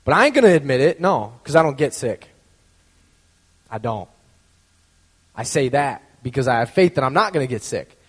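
A man's voice: medium pitch, big pitch swings, moderate pace, long pauses, husky, big-room sound. A man telling a personal story in a casual, conversational way, full of fillers and acted-out quotes. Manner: acts out quoted voices.

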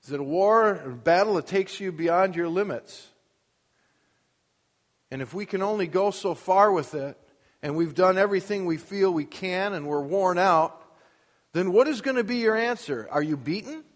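Long hall reverb fills this church with a sound booth as a male pastor preaches. His voice sits high and animated at a moderate pace, and he builds his case with rhetorical questions and rising emphasis.

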